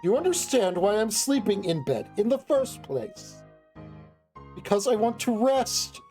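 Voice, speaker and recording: A gruff young man grumbles with dry irritation, hiding his concern, as a man reads him aloud from a game. His voice is mellow and unhurried. Soft music plays faintly behind. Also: high voice, sing-song. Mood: irritated. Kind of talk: reading a game's dialogue aloud on stream.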